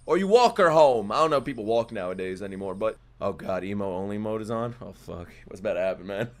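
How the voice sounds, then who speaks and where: Excitable, foul-mouthed man reacting to anime. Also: fairly low pitch, fast talker. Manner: excitable, profane, swings from muttering to shouting. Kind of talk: live reaction commentary. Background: faint anime soundtrack music.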